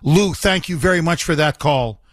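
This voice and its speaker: A man's voice: a little high, moderate pace, no echo, clean studio sound. A man hosting a talk radio show, talking emphatically and indignantly and repeating himself for emphasis.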